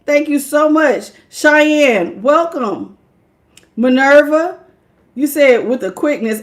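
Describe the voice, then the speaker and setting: A woman's voice: high-pitched, animated, slow. A woman doing a casual live-stream tarot reading, chatty, greeting viewers by name and laughing often. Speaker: tarot reader.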